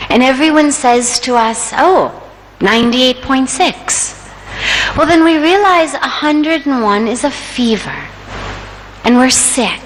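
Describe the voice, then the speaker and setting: A woman giving a spiritual discourse at a yoga festival, telling a parable in a measured storytelling manner. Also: high voice. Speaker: spiritual speaker. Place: large hall at a yoga festival. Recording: echoey hall with faint noise.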